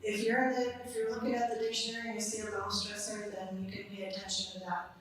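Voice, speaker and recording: A woman language teacher giving a live talk and answering audience questions in a relaxed teaching tone, laughing often. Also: medium pitch, quick pace, background noise. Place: large hall. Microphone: distant room mic. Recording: echoey hall from far off.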